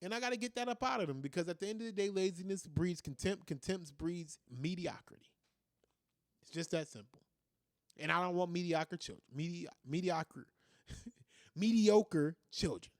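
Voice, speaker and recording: A man's voice: high-pitched, brisk, no room sound, studio quality. A man, talking casually about parenting and acting out his children's voices as he tells stories. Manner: animated storytelling, acts out his kids' voices. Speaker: podcast host.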